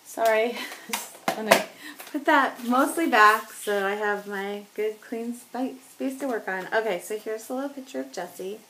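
Working on a scrapbook layout, a woman with a voice on the high side talks a little slowly, joking about herself and laughing frequently. She's a scrapbooking vlogger chatting casually, with background noise in the clip.

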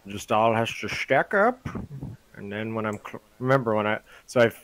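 A man's voice: fairly low pitch, animated, moderate pace, a bit bright, no echo, rough recording. A young man gaming with a friend over voice chat, swearing a lot and ranting mockingly in casual banter. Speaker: gamer on voice chat.

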